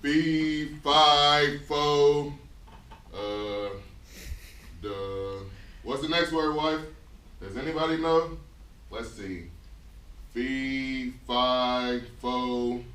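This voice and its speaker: A man playing a slow, blustering giant who fumbles his words in a stage skit. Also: medium pitch, fairly bright tone. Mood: bumbling. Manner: slow, bumbling, forgets his lines. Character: dim-witted, blustering male giant. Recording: echoey room from far off.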